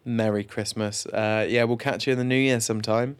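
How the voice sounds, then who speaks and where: A man's voice: fairly low pitch, steady tone, brisk, clear, resonant tone. A man with an English accent co-hosting a podcast, chatting casually with many fillers and restarts. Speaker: podcast co-host. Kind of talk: casual chat.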